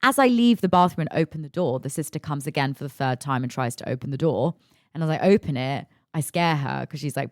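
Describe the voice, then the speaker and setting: A young woman hosting a podcast, telling a story in a lively, emphatic rush and cursing freely. Her voice sits a little low for a woman. The sound is dry, with no room echo. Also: fairly quick. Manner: animated, emphatic, swears freely. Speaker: podcast host. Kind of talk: casual storytelling.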